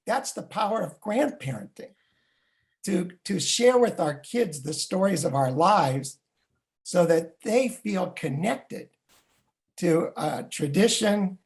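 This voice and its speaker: An older man and Jewish educator telling a family story in a vivid, animated way. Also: sits high, gravelly. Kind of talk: storytelling talk.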